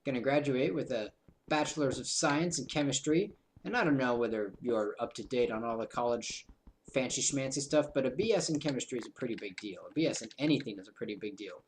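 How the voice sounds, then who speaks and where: A man's voice: mid-range voice, a little fast, slight background noise. Rambling young man narrating a game. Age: 20s. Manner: rambling, self-mocking asides. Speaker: gaming video host. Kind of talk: casual game commentary.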